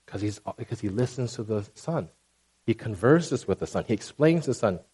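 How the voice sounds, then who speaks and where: A man preaching a sermon in a conversational, animated way, often checking in with the congregation. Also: lowish voice, normal speed, slightly rough. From Asian background.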